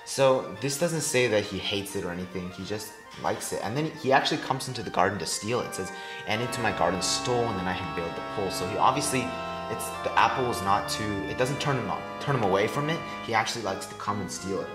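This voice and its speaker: A teenage boy giving a class presentation on a poem, explaining in a halting way and leaning on casual fillers. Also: lowish voice. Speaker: student presenter. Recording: echoey room with faint music.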